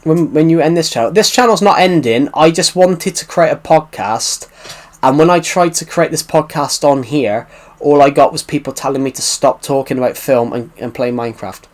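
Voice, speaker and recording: A man's voice: a little high, moderate pace. A British man from the UK chatting casually on a live stream, rambling and circling back to repeat himself as he answers viewers' questions. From United Kingdom. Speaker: livestreamer answering chat.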